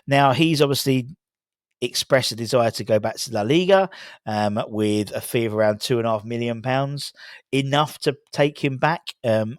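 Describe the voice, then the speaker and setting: A man's voice: medium pitch, dry recording, clean studio sound. A man hosting a football fan channel, chatting casually through transfer news with lots of ums and restarts. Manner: rambling, many fillers and restarts.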